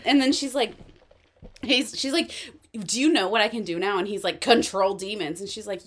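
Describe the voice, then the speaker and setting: A woman co-hosting a casual podcast chat, retelling a TV episode with lively acted-out quotes and frequent laughter. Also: mid-range voice, normal speed. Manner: animated storytelling, acting out quoted lines, laughs often. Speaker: podcast co-host.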